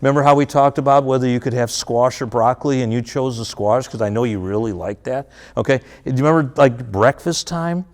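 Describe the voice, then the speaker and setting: A man's voice: mid-range voice, a little fast, hardly any pauses, a little mellow. A man leading a parenting workshop at a school, acting out parent and child exchanges with audience members. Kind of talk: interactive workshop talk with role-play. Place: school auditorium or room with audience.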